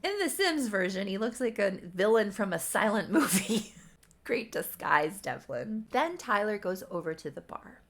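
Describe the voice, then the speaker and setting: A woman's voice: medium pitch, big pitch swings, unhurried. A woman reading her own old story aloud in a casual, amused way, with wry asides. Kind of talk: casual riffing read-aloud.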